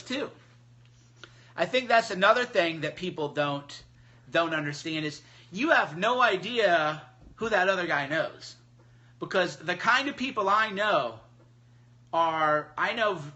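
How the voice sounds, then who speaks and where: A man's voice: fairly high pitch, sharp tone. A man hosting a phone livestream, talking in a blunt, mocking, emphatic casual monologue. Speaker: livestream host.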